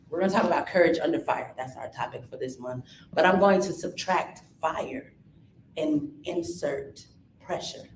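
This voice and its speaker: Woman, motivational speaker, lowish voice, live stage talk, echoey hall, faint background noise. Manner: energetic, coaxing the crowd, shifts into playful quoted voices. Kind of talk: live inspirational talk with audience call-and-response. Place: event hall with audience. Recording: echoey room.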